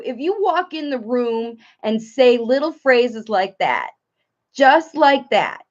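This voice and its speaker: A woman speech therapist and parent coach giving live Q&A advice, talking in an animated way and breaking into playful sing-song examples. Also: a little high, slow pace. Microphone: live stream. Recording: dull lo-fi livestream audio.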